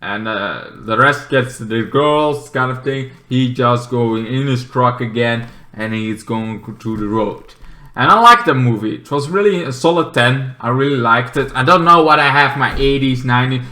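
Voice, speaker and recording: A man giving a casual movie review, rambling and excitable, with many fillers. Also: medium pitch, measured pace, roomy sound.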